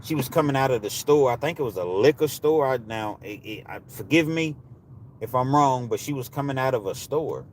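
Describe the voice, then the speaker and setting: A man's voice: medium pitch, expressive, brisk, slight background noise. Heated man ranting on a livestream. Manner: heated, preachy, rising to shouts. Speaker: livestream host. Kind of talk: live chat with viewers.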